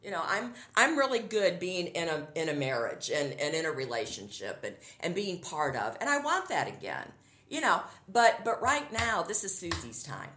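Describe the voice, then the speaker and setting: Woman, middle-aged, interview guest, upbeat, laughs often, lively pitch, echoey room. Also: normal speed, slight background noise. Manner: chatty, upbeat, laughs often while telling stories. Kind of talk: casual interview conversation.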